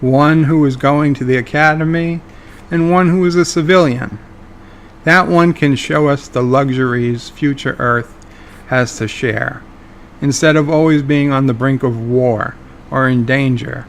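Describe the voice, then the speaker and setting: A man's voice: medium pitch, slight background noise. A man hosting a fan video, speculating casually and joking about his own weak impressions. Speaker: video host.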